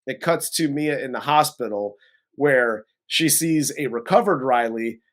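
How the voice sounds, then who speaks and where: A co-host of a movie review show in casual chat, recapping the plot in an animated, giggly way. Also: mid-range voice, measured pace.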